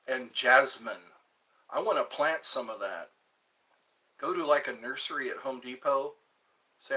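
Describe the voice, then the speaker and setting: Guy rambling slow on his stream, bright voice, kinda far off the mic. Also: mid-range voice. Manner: meandering, muses aloud, tries out pickup lines. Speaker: channel host. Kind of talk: rambling livestream chat.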